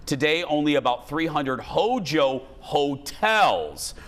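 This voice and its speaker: A man's voice: a little high, big pitch swings, slow, fairly bright tone. A man hosting a TV talk show in a studio with a live audience, upbeat and chatty, turning earnest and heartfelt.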